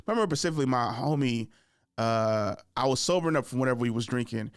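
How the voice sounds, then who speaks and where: A man's voice: mid-range voice, lively intonation, quick pace, clear, resonant tone, no echo, clean studio sound. A man hosting a podcast, telling a story casually in a loose, rambling way with many fillers. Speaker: podcast host.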